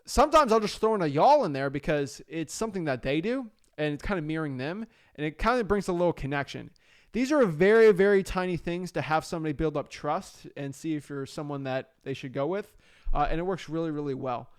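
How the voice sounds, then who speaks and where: Energetic young man coaching, clear voice. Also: fairly high pitch, a little fast. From South Florida, US. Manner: energetic, conversational, frequent fillers and restarts. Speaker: real estate wholesaling coach. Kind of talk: casual instructional talk.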